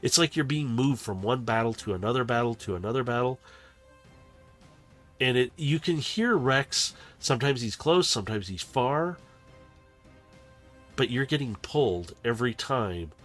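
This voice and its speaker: A man narrating a tabletop game as game master, in a loose, chatty, animated way. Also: mid-range voice, moderate pace, long pauses, soft background music.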